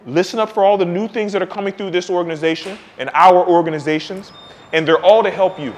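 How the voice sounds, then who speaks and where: A man in his forties, a podcast host, giving a fiery motivational rant that swings between shouting and low muttering. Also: in a large hall. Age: 40s.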